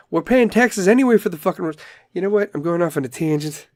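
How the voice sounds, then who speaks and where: A man's voice: sits high, lively intonation, fast, darkish tone, no echo, studio quality. A man hosting a casual solo podcast, ranting in a rambling, profane way and telling dad jokes. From Chicago area. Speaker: podcast host.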